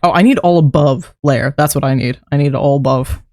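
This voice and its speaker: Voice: medium pitch, a little fast, a little mellow, no room sound, studio quality. Chatty streamer muttering through a build. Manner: rambling self-talk, chuckling at own mistakes. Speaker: streamer building a game base. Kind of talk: casual gameplay commentary.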